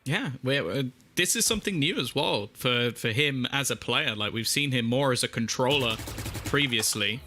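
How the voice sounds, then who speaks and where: A man's voice: medium pitch, lively intonation, moderate pace, bright, forceful tone, slight background noise. A man casting a live esports match over a headset, breaking down the plays analytically and building up during the big moments. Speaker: esports caster.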